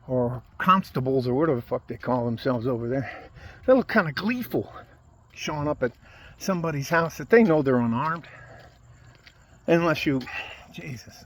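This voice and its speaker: A man's voice: a little high, animated, moderate pace, long pauses. A man from the United States delivering a profane, heated political rant straight to his viewers. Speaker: video blogger. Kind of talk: angry political rant to camera.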